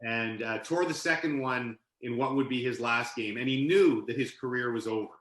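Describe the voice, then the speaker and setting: A man guesting on a podcast as an author and sportscaster, telling animated anecdotes in casual conversation. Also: medium pitch, moderate pace, roomy sound, rough recording. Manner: animated anecdote-telling, laughs mid-story. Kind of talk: casual storytelling interview.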